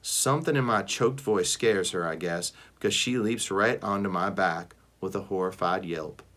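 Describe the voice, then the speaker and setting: A man, a teacher, reading a first-person animal novel aloud with expressive delivery. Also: low voice, moderate pace. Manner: expressive, shifts between voices.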